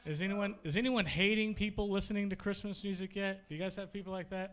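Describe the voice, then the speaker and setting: A man hosting a stand-up comedy show on a comedy club stage, animated, bursting into shouted mock rants. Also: high-pitched, quick pace, hardly any pauses.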